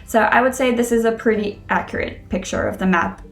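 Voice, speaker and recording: A woman's voice: on the high side, fairly quick. A young adult woman with a Western New England accent gives a casual, explanatory English lesson, thinking aloud with frequent ums. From Connecticut, USA. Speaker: English teacher.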